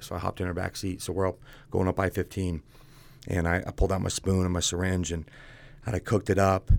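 A man's voice: low voice, level tone, quick pace, vocal fry, a little mellow. A man telling his own story as a guest, speaking bluntly and casually and calling the host "dude".

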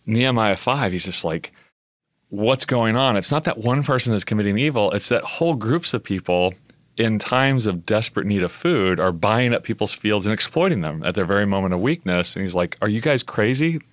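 A man talking through ideas on a podcast in a casual, animated way, with plenty of fillers and restarts. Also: fairly low pitch, a little fast, no room sound. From United States. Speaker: biblical scholar on a podcast.

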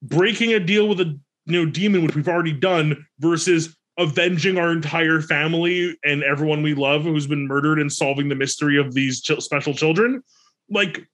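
A man co-hosting a casual podcast, giving opinions in an animated way and laughing often. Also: fairly high pitch. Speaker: podcast co-host. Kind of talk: casual chat.

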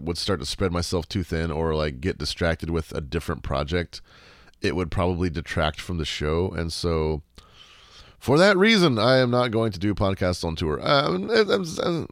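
A man's voice: low voice, dry recording, clean studio sound. A man hosting a casual solo Q&A podcast, laid-back and sarcastic, swearing freely and rambling with lots of fillers and restarts. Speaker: podcast host.

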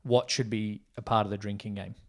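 A man's voice: lowish voice, little pitch movement, a little fast. A man co-hosting a casual film podcast, thinking aloud in a rambling way with plenty of ums. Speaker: podcast co-host. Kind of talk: casual film-review chat.

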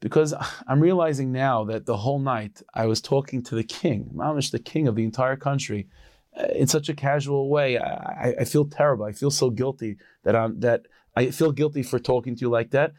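A man's voice: medium pitch, brisk, darkish tone, dry recording, natural voice. Humble peasant from a folk tale, put on by a male narrator, eager and stumbly, dry close sound. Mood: earnest. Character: humble, kindly middle-aged male peasant.

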